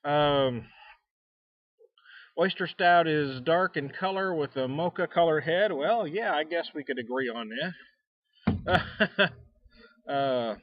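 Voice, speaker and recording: A man's voice: a little high, lively intonation, slow, pauses often, dry recording, highs cut off. An American man hosting a casual beer tasting vlog, sitting out back and talking in a folksy, rambling way with frequent chuckles. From United States. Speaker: beer reviewer. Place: outdoors out back.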